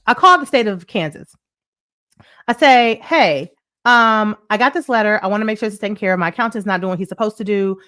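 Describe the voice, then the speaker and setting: An American woman hosts a casual money livestream, her mid-range voice a little bright. She tells stories chattily, circling back to the same points, tossing in "right?" again and again, and reading viewer comments out loud.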